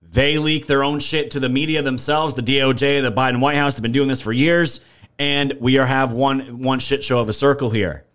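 A man's voice: medium pitch, steady tone, normal speed, a bit bright. A young man hosting a political livestream, talking indignantly and emphatically, swearing and thanking viewers by name from the chat. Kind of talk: livestream commentary reading chat.

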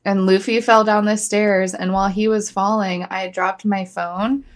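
A woman's voice: medium pitch, level tone, unhurried. A young woman from Georgia co-hosting a podcast, telling a rambling story full of fillers. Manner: chatty storyteller, full of likes and restarts. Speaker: podcast co-host. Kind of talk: casual chat.

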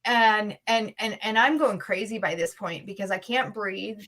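Woman, interview guest, earnest, urgent, restarts often, mid pitch. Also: normal speed, fairly bright tone. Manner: emotional, intense storytelling. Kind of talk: personal story in an interview.

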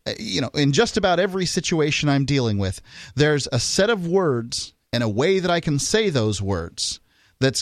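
A man's voice: on the high side, dry recording, studio quality. A man co-hosting a talk radio show, thinking aloud as he explains his theories. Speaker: radio co-host.

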